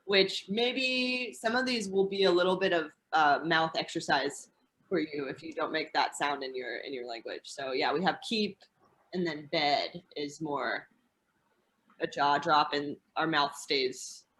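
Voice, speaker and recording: A woman's voice: low voice, a little slow, fairly bright tone. A woman from Indiana with an American accent, explaining English pronunciation in a casual teaching chat.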